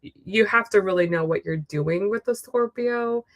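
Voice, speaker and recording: A woman's voice: medium pitch, measured pace. A woman giving a casual tarot reading on a livestream, chatty and speaking straight to the viewer. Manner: chatty, full of "like" and "you know". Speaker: tarot reader.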